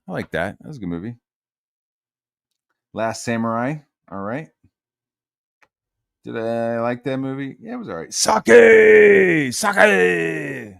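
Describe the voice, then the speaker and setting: A man's voice: fairly low pitch, gravelly, no echo, clean studio sound. A man streaming from his room, ranting casually and swearing a lot. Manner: profane and heated, lots of swearing.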